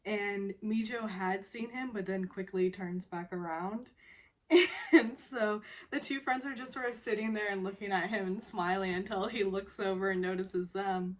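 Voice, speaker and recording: A woman's voice: mid-range voice, fairly even intonation, moderate pace. A woman casually recapping a television drama episode, rambling with many fillers and often breaking into laughter.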